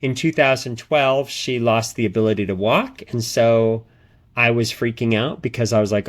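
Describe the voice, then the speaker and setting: A man's voice: mid-range voice, steady tone, measured pace. A man hosting a podcast, telling personal stories in a rambling, earnest way with many restarts and repeated words. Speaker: podcast host. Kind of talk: casual podcast monologue.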